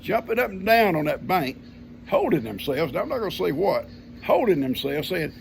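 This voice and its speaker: An older man with a drawl spins a homespun yarn in a deeply gravelly, creaky voice that sits a little high for a man. His telling is folksy and easygoing. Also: big pitch swings, moderate pace, slight background noise. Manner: folksy, homespun grammar, chuckling storyteller. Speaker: vlogger telling a family story. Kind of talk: casual storytelling.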